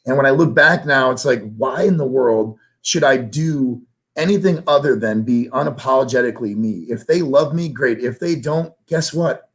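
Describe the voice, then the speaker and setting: A man's voice: medium pitch, moderate pace, low-quality recording. A middle-aged man, a sales trainer and life coach, speaking candidly and emotionally as an interview guest, his voice rising when he gets passionate. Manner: earnest and emotional, grows louder when passionate.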